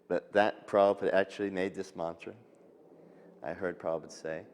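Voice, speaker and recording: An older man with a fairly low voice recalls old memories. He speaks haltingly, with gentle fillers and restarts. His words trail off into a long, hall-like reverb. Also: steady tone. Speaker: devotee recalling his teacher. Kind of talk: reminiscing storytelling.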